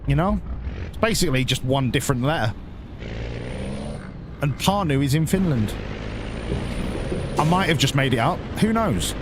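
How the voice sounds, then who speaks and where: A man's voice: fairly high pitch, animated, moderate pace, pauses often, noisy background. A man giving rambling, crude, jokey commentary while streaming a game. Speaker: gaming streamer. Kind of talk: casual gameplay commentary.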